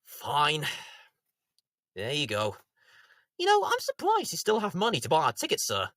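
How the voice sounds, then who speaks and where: A man's voice: a little high, huge pitch swings, moderate pace, a bit bright, dry recording, clean studio sound, full character voice. A man voicing a sarcastic, snippy cinema ticket seller in a comedy sketch.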